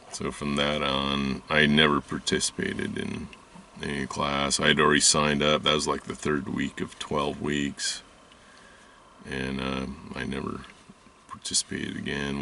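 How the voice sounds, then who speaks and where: A man telling a personal story in a halting, rambling way, with many restarts and fillers. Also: rumbling low, creaky, bright, forceful tone, a little hiss or hum. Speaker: spiritual video host. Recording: voice distant from the mic.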